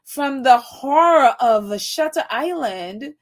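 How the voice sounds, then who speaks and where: A woman with a high-pitched, expressive voice speaks slowly as she hosts a live stream from New York. Gushing and laughing, almost in tears, she reads her viewers' comments out loud.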